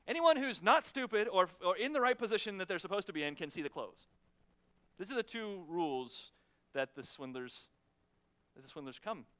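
Animated high-voiced male preacher. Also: clear, resonant tone. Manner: conversational, many restarts, repeated "right?"; lively, laughs with the congregation. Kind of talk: sermon.

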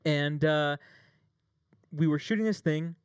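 A man's voice: fairly high pitch, a little slow, smooth, no room sound. A man telling a long story with jokes and swearing, playing a plaintiff in a mock trial. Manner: animated, swearing, jokey. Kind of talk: casual mock courtroom storytelling.

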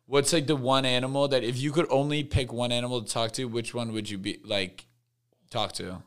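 A man's voice: mid-range voice, fairly even intonation, brisk. A young man guesting on a podcast in casual chat, slangy and swearing a lot, with many fillers.

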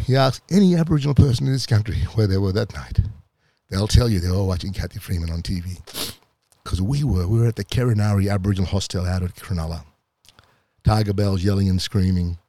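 Australian man, forties, emotional storyteller, low warm voice, dry close sound. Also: no room sound. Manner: emotional, passionate retelling that builds to excitement. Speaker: podcast host telling his own story. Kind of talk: personal storytelling.

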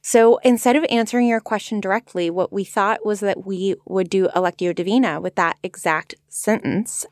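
Podcast host lady, thinking out loud, casual, dry close mic. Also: mid-range voice, steady tone, normal speed, hardly any pauses, dry recording. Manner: thoughtful, conversational, frequent "like" fillers. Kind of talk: casual reflective discussion.

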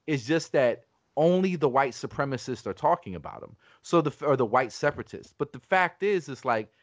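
A man's voice: mid-range voice, lively intonation, fairly quick, dry recording. A man hosting a podcast, talking in a casual, argumentative way, swearing often and restarting his sentences. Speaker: podcast host.

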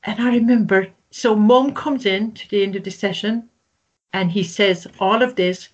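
Woman, grief counsellor, gentle and earnest storyteller, slightly muffled recording. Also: medium pitch, moderate pace, slightly rough. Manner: earnest, gentle, acts out quoted voices. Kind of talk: storytelling in an interview. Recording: slightly dull, lo-fi sound.

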